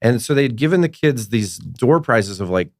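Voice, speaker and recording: A man's voice: mid-range voice, normal speed, no room sound, clean studio sound. A man from Minnesota who is a guest comedian, telling stories in a casual podcast chat and acting out the voices of the people in them. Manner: animated storyteller acting out quoted voices.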